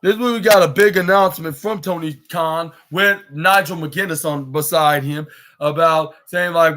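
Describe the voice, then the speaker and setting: A young man hosting a podcast, recapping wrestling in a casual, halting way with many fillers and restarts. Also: fairly high pitch, bright, forceful tone. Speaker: podcast host.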